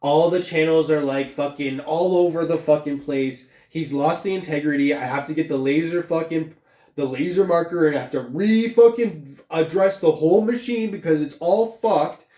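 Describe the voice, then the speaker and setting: A man's voice: a little high, normal speed, dark tone. A man venting angrily about losing his job, rambling and swearing constantly. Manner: angry, rambling, heavy swearing. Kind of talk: profane venting monologue. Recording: echoey room from far off.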